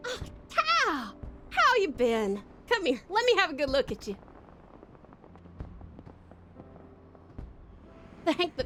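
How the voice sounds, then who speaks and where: A fluttering Southern belle mother from a fantasy video game, fretful and effusive, in a put-on American Southern accent, as a woman voices her while streaming. The voice is high and breathy. Faint music plays behind her. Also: bright, forceful tone, heavily acted. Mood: gushing. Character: gushing southern belle mother, warm and anxious.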